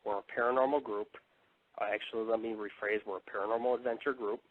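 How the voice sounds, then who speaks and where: A man's voice: lowish voice, fairly even intonation, fast, no room sound. Swearing man ranting on tinny radio. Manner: rambling, swearing, combative. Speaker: internet radio host. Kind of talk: profane live radio monologue. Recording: tinny phone-like dry audio.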